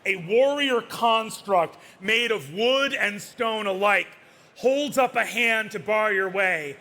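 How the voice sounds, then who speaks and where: High-voiced man narrating a tabletop game. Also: takes it slowly. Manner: relaxed, lots of fillers. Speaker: dungeon master.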